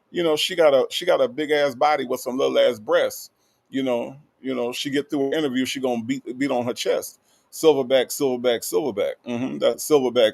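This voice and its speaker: Male stream host, gravelly mid-range voice, laid-back, reads chat with drawn-out hellos. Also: mid-range voice. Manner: drawling, repeats greetings, playful asides. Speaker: livestream host. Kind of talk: casual livestream chat reading viewer comments.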